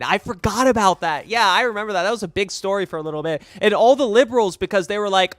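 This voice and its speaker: A man streaming live and reacting out loud in a rambling, profane, excitable way. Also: high voice, quick pace, hardly any pauses, no room sound. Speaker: streamer and host.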